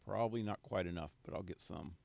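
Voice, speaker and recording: A man's voice: deep voice, quick pace, creaky. A man live-streaming a video game, rambling casually to himself as he plays and getting easily amused. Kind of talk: casual gameplay commentary.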